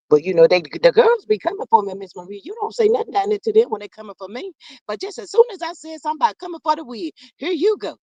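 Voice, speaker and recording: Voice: mid-range voice, darkish tone, no echo, highs cut off. A performer playing a sassy gossiping woman persona, reading viewer comments on a livestream and calling everyone honey and child. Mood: indignant. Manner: dramatic, playfully threatening. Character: sassy gossiping woman persona, Miss Marlene, quick to clap back. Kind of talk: live chat.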